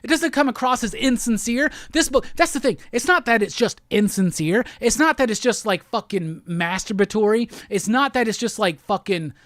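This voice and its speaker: A man's voice: very high voice, a bit bright, no room sound, studio quality. A man hosting a comic book show, giving a heated, profane review in a rant-style talk. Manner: heated, profane, repetitive ranting.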